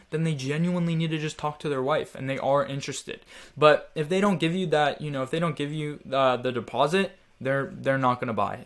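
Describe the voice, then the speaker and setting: A man's voice: mid-range voice, fairly bright tone. A man teaching a sales training lesson in a direct, coaching manner, urging his listeners on.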